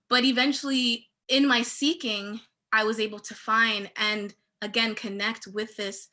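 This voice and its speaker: A woman speaks over a video call with a bright, fairly high voice. She talks earnestly about faith and love, often restarting her sentences. The pace is halting and heartfelt. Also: flat delivery. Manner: earnest, halting, grows tearful. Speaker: guest speaker.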